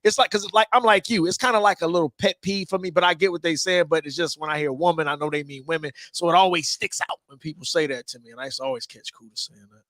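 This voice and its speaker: Excitable high-voiced man on a stream panel. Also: no echo, studio quality. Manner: excitable, laughing, quick to jump in. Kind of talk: casual livestream banter.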